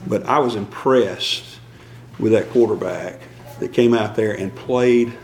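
A man's voice: lowish voice, unhurried, a little mellow, reverberant, poor audio. A man preaching a conversational sermon as a church elder, folksy and self-deprecating, chuckling often.

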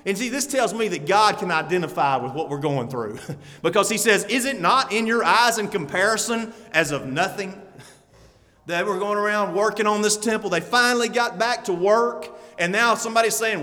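Pastor guy, high voice, folksy preaching w/ little chuckles, big echoey church. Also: expressive, moderate pace, fairly bright tone. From Alabama, US. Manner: folksy preaching with chuckles, rising to fervent exhortation. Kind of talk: sermon.

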